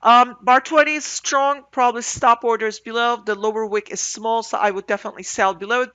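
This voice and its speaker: A woman with a congested, mouth-breathing voice walks through an end-of-day trading review. She thinks aloud in halting phrases full of fillers, and her tone is bright and forceful. The recording is dry and a little muffled. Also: medium pitch, no room sound. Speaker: day trader reviewing charts.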